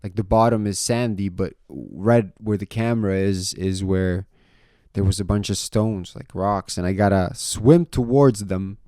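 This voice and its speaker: A laid-back young man talks straight to the camera, his voice low and mellow with a smooth, clear tone. He tells his stories loosely and swears freely, tossing in "man" and "you know" often. When he retells a story he gets loud and animated. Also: measured pace, no room sound, studio quality. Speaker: vlogger. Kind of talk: casual storytelling monologue.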